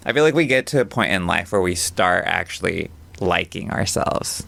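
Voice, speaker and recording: Super deep gravelly dude, laid back cohost, laughs a lot, says like constantly. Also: male voice, expressive, moderate pace, pushed and bright. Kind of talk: casual podcast chat.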